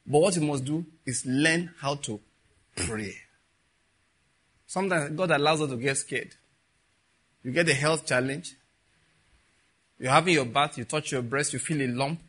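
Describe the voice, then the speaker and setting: Husky-voiced preacher, soft to emphatic. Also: male voice, a little high, moderate pace, pauses often. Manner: storytelling with soft asides and rising emphatic peaks. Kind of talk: sermon.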